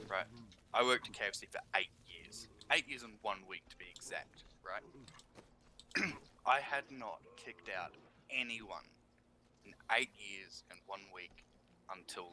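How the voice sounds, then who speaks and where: A man chatting with friends while gaming, telling a story in an animated, profane way. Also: low-pitched, a little slow. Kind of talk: casual story over voice chat. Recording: loud noise behind the voice.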